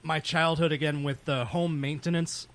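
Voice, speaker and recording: A man in his twenties co-hosting a podcast, telling a story in a rambling, halting way. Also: a little high, steady tone, a bit bright. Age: 20s. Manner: rambling, halting, with many fillers. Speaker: podcast co-host. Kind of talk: casual storytelling chat.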